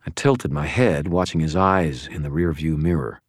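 A man narrating a first-person audiobook in a measured, dry storytelling manner. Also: extremely low pitch, no echo.

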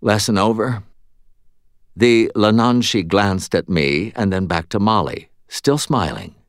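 A man reading an audiobook in first person with expressive, wry storytelling. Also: sits low, a little slow, smooth, dry recording, studio quality. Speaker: audiobook narrator.

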